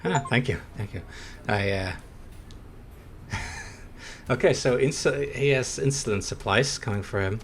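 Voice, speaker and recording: A man's voice: medium pitch, a little slow, pauses often, slight background noise. A man streaming a video game, chatting in a rambling, hesitant way and chuckling between thoughts. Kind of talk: casual gameplay commentary.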